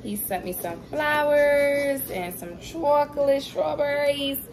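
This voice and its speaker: A woman's voice: high voice, lively intonation, slow pace, noisy background. A young woman chatting casually to her viewers while eating, telling a story with laughs. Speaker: vlogger, mother.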